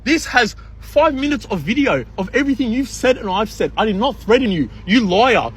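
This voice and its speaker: High-voiced man arguing indignantly. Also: sing-song, normal speed, slight background noise. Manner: sarcastic, indignant, repeats accusations. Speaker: driver in a roadside argument. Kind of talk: heated argument. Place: street beside cars outdoors.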